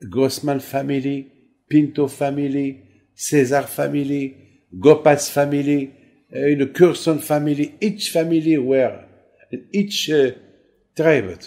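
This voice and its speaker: Slow, mellow-voiced man giving a sermon. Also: on the high side. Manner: halting, repeats words, then rises animated with emphasis. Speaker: rabbi.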